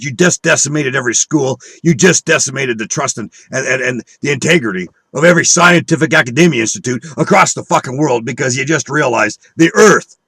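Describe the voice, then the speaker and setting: A man with a husky, slightly raised voice, ranting in a combative, profane and scornful way as he preaches at his viewers. The recording is dry and close, with no room sound. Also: on the high side, fairly bright tone, dry recording. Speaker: online video speaker. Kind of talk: angry conspiracy rant.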